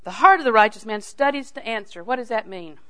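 An older woman delivers a sermon in a homespun, storytelling way. She punches key phrases loudly, then drops into near-hushed asides. She has the easy manner of a longtime Bible teacher. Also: a little high, quick pace. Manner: folksy and animated, swings from loud emphasis to hushed asides.

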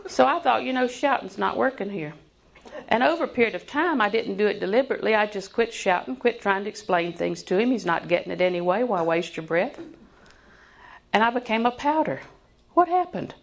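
A woman in her sixties preaching a sermon in a folksy, joking way, sometimes dropping to a hushed voice for emphasis. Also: medium pitch, lively intonation, a little fast, vocal fry.

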